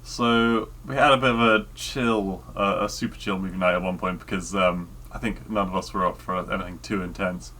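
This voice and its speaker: A man co-hosting a casual podcast chat, talking hesitantly with many pauses and fillers. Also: sits low, fairly even intonation, bright, forceful tone. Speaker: podcast co-host.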